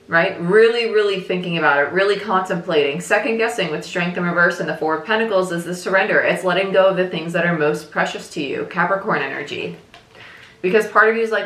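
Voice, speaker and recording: A woman's voice: fairly low pitch, fairly quick, pushed and bright, reverberant, poor audio. A woman giving a casual tarot reading, chatty and repetitive, often saying "like" and "right?", talking around a piece of gum. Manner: chatty, repeats herself, frequent "like" and "right?". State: chewing gum while talking. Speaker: tarot reader.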